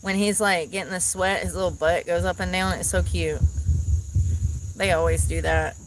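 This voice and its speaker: A woman's voice: lowish voice, moderate pace. Chatty woman vlogging outdoors. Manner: chatty, animated, talks to bees and viewers. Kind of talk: casual outdoor vlog chat. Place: outdoors in the mountains. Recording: outdoor noise, crickets audible.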